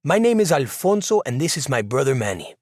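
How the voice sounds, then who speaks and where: A man's voice: mid-range voice, sing-song, brisk, a little mellow, no echo, studio quality, pitched above the performer's own voice. A man voicing a polite young Cuban musician introducing himself at a door.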